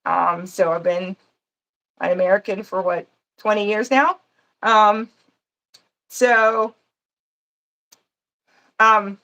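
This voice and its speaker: A woman's voice: mid-range voice, fairly even intonation, takes it slowly, pauses often, sharp tone. A woman from Panama hosting a gardening channel, chatting casually on a livestream and answering viewer comments as she goes.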